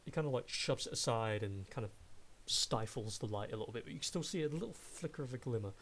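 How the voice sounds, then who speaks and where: A man running a tabletop game as game master, describing scenes at an unhurried pace in a mid-range voice. A faint hiss sits behind him. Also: mid-range voice, lively intonation, a bit bright.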